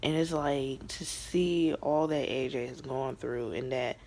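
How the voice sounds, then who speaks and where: Young vlogger recapping a show, gravelly fry in the voice, super chatty, lots of um and you know. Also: medium pitch, unhurried, a little mellow. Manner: chatty, emotional, many fillers, drops into whispers and laughs. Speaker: TV show reviewer. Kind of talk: casual TV recap vlog.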